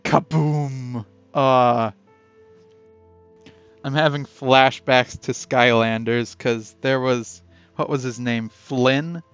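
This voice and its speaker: A man reads a text game aloud in a relaxed playthrough, stopping now and then to chat and comment. His voice sits at an average pitch. The sound is dull and lo-fi, with faint background music. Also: slow pace, pauses often, clear, resonant tone, no echo. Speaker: game player and narrator.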